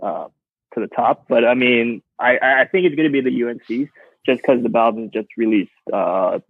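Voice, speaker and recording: A man's voice: medium pitch, moderate pace, no room sound. A man guesting on a podcast, thinking aloud hesitantly with many fillers over a call. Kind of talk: casual chat. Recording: tinny phone-like call line.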